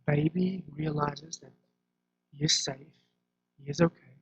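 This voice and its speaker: A man's voice: fairly high pitch, measured pace, long pauses, a little mellow. A man preaching a sermon in a conversational way, often restarting and repeating words. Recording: dull lo-fi recording.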